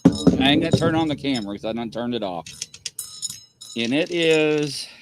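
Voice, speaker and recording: A man's voice: mid-range voice, moderate pace, noisy background. A man hosting a casual livestream, telling rambling stories with lots of laughter. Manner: animated, rambling storyteller who laughs often. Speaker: host of a paranormal variety show.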